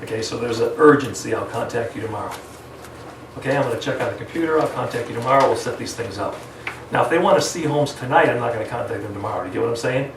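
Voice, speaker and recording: An energetic man with a mid-range voice and quick delivery teaches sales live, dramatizing phone conversations with clients and purposely altering his tempo. Background noise and echo come through, as the mic sits at a distance.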